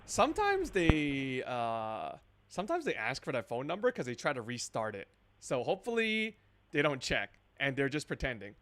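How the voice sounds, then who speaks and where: A man's voice: medium pitch, wildly swooping pitch, normal speed, fairly bright tone. A man streaming a scambait call, chatting in rambling asides and laughing between remarks. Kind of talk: live-stream commentary.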